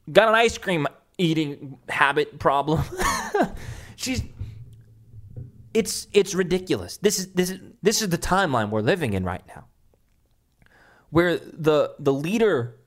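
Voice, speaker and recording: A male commentator rants in a loose, heated way, mocking and sarcastic as he goes. His voice sits a little higher than most men's. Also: lively intonation, unhurried, pauses often, fairly bright tone. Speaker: political commentator. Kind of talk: casual ranting commentary.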